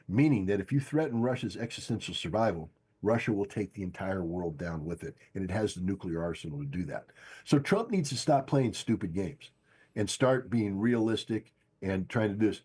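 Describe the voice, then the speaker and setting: An older man gives emphatic political commentary, driving his points home by repeating them. His voice is low and husky, with a dark, mellow tone. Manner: emphatic, insistent, repeats key phrases. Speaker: guest analyst. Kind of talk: political commentary on a podcast stream.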